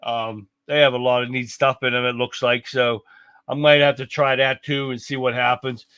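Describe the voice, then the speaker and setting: Bright, crisp-voiced male livestream host. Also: medium pitch, little pitch movement, normal speed, no room sound. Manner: folksy, exclaiming, chatty asides to viewers. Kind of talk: casual livestream commentary on clips.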